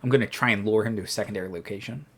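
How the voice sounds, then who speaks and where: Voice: medium pitch, racing, fairly bright tone, breathy edge. A player in a tabletop role-playing game, thinking aloud hesitantly with many restarts. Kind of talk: casual tabletop game chat.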